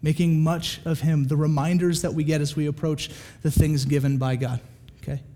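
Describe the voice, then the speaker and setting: A man preaching a sermon in a casual, animated way, often checking in with his listeners. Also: on the high side, normal speed. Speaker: pastor.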